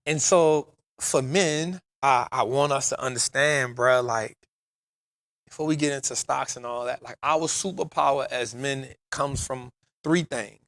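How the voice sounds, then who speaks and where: A man's voice: mid-range voice, a little slow, fairly bright tone, no echo. A man, telling stories emphatically on a casual podcast, often saying "bro" and "real talk". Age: 40s. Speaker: podcast host.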